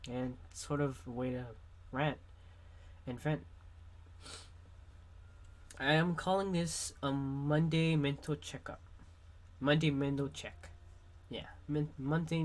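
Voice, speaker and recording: Young man rambling frankly while sick. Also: mid-range voice. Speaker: streamer. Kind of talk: candid personal vlog monologue.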